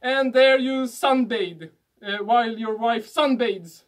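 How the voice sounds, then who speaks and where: A podcast host with a Swedish accent, a native Swedish speaker, delivering a deadpan mock-instructional comic monologue in broken English. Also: medium pitch, slow pace.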